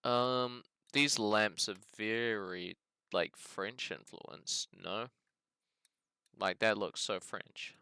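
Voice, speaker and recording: Bright-voiced New Zealand man musing aloud. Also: lowish voice, steady tone, very slow, vocal fry, smooth, dry recording. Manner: thinks aloud, hedging and musing, says "bloody" often. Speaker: gaming video host. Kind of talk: casual game commentary.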